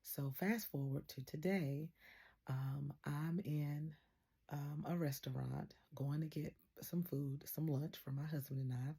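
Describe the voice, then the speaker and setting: Low husky woman. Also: fairly even intonation, a little slow, mellow. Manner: earnest storytelling, retells dialogue with "I said". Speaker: host of a faith channel. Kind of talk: casual spoken testimony.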